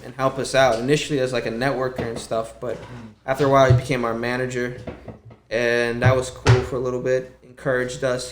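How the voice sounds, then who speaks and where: A young adult man chats casually as a podcast guest, swearing freely and leaning on "um" and "like." His voice sits at an ordinary middle pitch, with a faint hiss behind it. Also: reverberant. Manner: loose, profane storytelling with many fillers.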